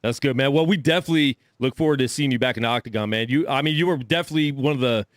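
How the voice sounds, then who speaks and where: Upbeat host, dry close sound. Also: male voice, medium pitch, no echo. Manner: upbeat, quick to laugh. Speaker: sports show host. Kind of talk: casual live interview.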